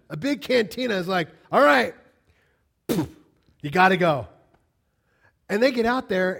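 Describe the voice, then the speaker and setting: A man preaching a sermon, talking casually to the congregation and building to loud, passionate peaks. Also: a little high. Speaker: pastor. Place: church.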